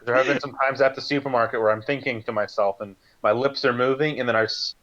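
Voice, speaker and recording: A man's voice: mid-range voice, fairly even intonation, quick pace, a bit bright, muffled recording. A man joining a casual live-streamed book club discussion, adding wry, joking asides.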